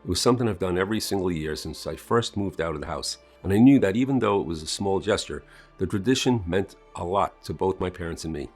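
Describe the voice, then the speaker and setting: A man's voice: animated, quick pace, a little mellow, breathy edge. A man narrating a scripted first-person sales story in a dramatic storytelling manner. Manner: dramatic storytelling with strong swings in pitch and volume. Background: faint music.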